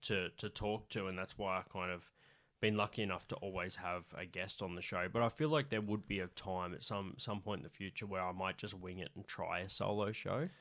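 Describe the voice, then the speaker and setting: Man, comedy podcast host, low voice, rambling casual chat, drifts off mic. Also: fairly even intonation, a little fast, fairly bright tone. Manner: rambling, filler-heavy, self-correcting. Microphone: moves on and off the mic.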